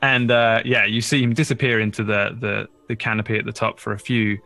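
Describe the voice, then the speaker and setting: A man narrating as dungeon master, with loose, halting delivery full of ums and uhs. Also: on the low side, level tone, vocal fry, over music. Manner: frequent ums and uhs, chuckling asides. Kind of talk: tabletop game narration.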